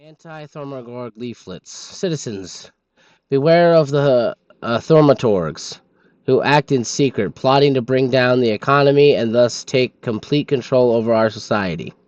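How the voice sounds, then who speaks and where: A man's voice: medium pitch, unhurried, a little mellow, dry recording, highs cut off. A man streaming a game, reading its in-game documents aloud in a sleepy manner and stumbling over foreign names.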